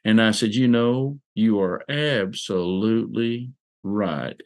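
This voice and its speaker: Oklahoma guy telling a story, low voice, slow and folksy with lots of uhs. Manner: unhurried, folksy, with fillers and restarts. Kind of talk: personal storytelling.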